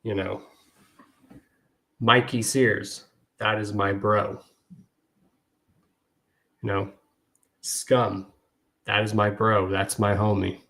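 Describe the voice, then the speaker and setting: A man's voice: lowish voice, flat delivery, extremely slow, vocal fry, long pauses, pushed and bright. A man hosting his podcast, speaking earnestly and emotionally to his listeners, often repeating "y'all". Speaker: podcast host. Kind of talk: heartfelt podcast monologue.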